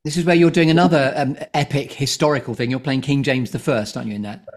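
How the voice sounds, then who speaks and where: A man's voice: mid-range voice, steady tone, quick pace. A man hosting a casual interview, mostly giving brief encouraging interjections. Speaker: podcast host.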